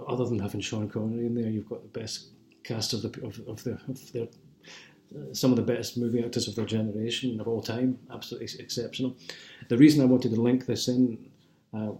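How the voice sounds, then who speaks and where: A man's voice: medium pitch, warm tone. A man with a Scottish accent talks casually at home as a wine and film vlogger, rambling with many fillers and restarts. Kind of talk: casual chat. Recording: roomy echo.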